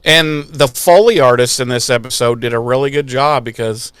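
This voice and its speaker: A man's voice: mid-range voice, normal speed. A man co-hosting a podcast, recapping an episode in casual, jokey, profane chat. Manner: animated, jokey, profane, puts on silly voices. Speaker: podcast co-host.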